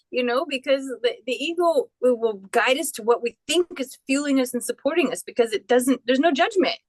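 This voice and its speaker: Lively female guest with a higher voice who tells stories with restarts and acts out the other people in them, recorded dry and close. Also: a little fast, few pauses, no room sound, rough recording. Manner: animated, acts out quoted voices, frequent restarts. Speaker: interview guest. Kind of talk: personal storytelling.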